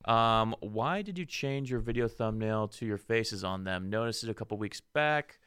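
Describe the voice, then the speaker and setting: A young man with a bright, crisp voice reads a listener question on a casual podcast. His pitch moves lively. The sound is dry and close. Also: moderate pace, no room sound. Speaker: podcast co-host.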